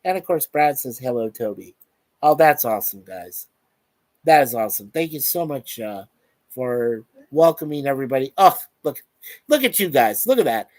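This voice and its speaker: A man's voice: mid-range voice, very animated, moderate pace, no room sound. A man hosting a casual live stream, reading out viewer comments in a chatty, upbeat way. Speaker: show host.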